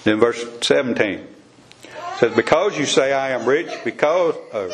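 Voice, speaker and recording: Man, mid-pitched, plain folksy Bible-study teacher, talks loosely and repeats himself. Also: measured pace, a little hiss or hum.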